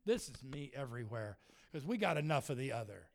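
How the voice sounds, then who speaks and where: A man preaching with humor, telling self-mocking stories in an animated way and laughing often. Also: mid-range voice, fairly quick. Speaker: traveling preacher and musician. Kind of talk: humorous sermon storytelling.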